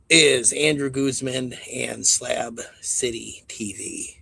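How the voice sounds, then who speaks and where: A man's voice: mid-range voice, steady tone, takes it slowly, creaky, pushed and bright, slightly rough, no echo. A man hosting a live stream in a casual, profane and mocking way, rambling to his audience. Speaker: stream host.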